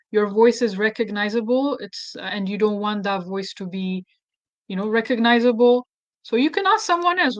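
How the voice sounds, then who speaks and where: A woman's voice: a little high, dull audio. Woman with an Ethiopian accent, thinking aloud. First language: Amharic. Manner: thinking aloud, self-deprecating, easily flustered. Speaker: activist tutorial host. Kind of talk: casual screen-recorded tutorial.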